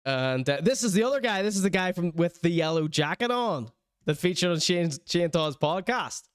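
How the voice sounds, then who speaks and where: A man's voice: high-pitched, animated, normal speed, clean tone, no room sound, studio quality. Chatty man hosting a podcast. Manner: laughs often, chatty commentary. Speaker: podcast host. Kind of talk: casual podcast chat reacting to clips.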